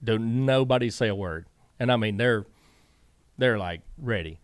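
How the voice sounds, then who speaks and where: A man's voice: on the low side, unhurried, no echo, studio quality. A man, a guest in a casual interview, telling stories and acting out what other people said. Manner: animated, acts out other people's lines.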